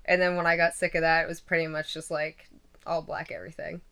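A woman's voice: low voice, level tone, fast, pushed and bright, clear, resonant tone. A woman in her twenties chatting casually as an interviewee, rambling with lots of fillers and frequent laughter. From western Pennsylvania. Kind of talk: casual chat.

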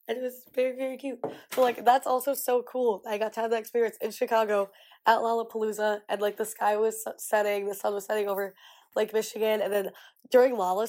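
A woman's voice: on the high side, dark tone. A young adult woman hosting a podcast, chatting casually and telling stories with lots of "like". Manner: chatty storytelling, heavy use of "like". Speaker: podcast host. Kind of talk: casual chat.

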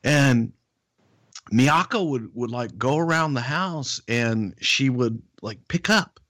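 A middle-aged man telling wrestling stories on a podcast in a casual, animated way. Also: takes it slowly, no echo, clean studio sound. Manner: animated, jumps into high impressions of others. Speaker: guest, wrestling personality.

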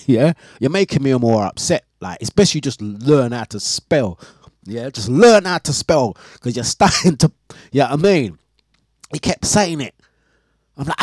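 A man hosting a breakfast radio show, telling a story in a casual, animated way with laughs and exasperation. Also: medium pitch, moderate pace, dry recording, clean studio sound. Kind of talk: casual chat on live radio stream.

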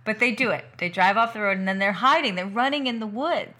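Bright-voiced woman retelling a plot. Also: mid-range voice, lively intonation, fast. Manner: narrates plot step by step, with agreeing fillers. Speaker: podcast co-host. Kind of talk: casual chat recapping a movie.

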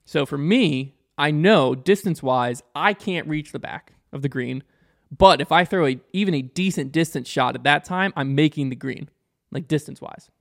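A young man with a slightly raised voice tells a long story in casual conversation. He is animated and quick, and he acts out the people he quotes. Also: on the high side, gravelly. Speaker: podcast guest or host, disc golfer.

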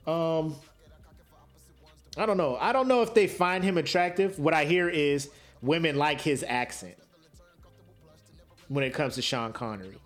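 A fairly high-voiced man on a podcast mic, talking with lively, swooping pitch. He jokes in slangy, casual chat and laughs often. Faint music sits behind him. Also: unhurried, long pauses. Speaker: podcast co-host.

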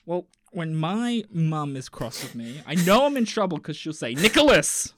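A thirty-something man co-hosting a casual podcast. He jokes constantly, his voice leaping up and down in pitch and drifting between loud outbursts and mumbled asides. The sound is dry, with no room echo. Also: normal speed. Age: 30s. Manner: animated, joking, swings from loud to mumbled. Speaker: podcast co-host. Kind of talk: casual chat.

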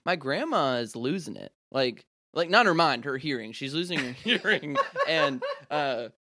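Giggly rambling podcast host, bright voice. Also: male voice, medium pitch, lively intonation, moderate pace, no room sound, clean studio sound. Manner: rambling, giggly, self-interrupting. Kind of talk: casual chat.

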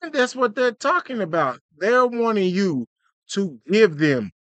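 Animated, slangy man podcast co-host. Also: high-pitched, unhurried, dry recording, dull audio. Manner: animated, slangy, plays out skits. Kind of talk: casual podcast chat.

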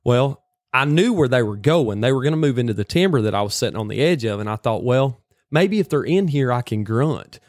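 Man, folksy storyteller, lively and excited, dry close sound. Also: mid-range voice, brisk, dry recording. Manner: animated, folksy rural slang. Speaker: hunter telling a story. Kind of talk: casual storytelling.

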